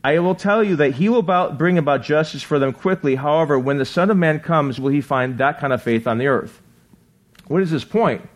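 A man's voice: a little high, a little fast. Conversational man preaching, voice slightly raised. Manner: conversational, often asks "right?"; reads scripture aloud, acts out quotes. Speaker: pastor. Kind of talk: sermon.

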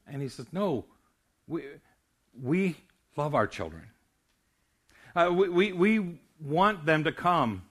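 A man's voice: fairly high pitch, sing-song, slow, pauses often, a bit bright. Older man preaching with stammered restarts. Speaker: pastor. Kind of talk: sermon.

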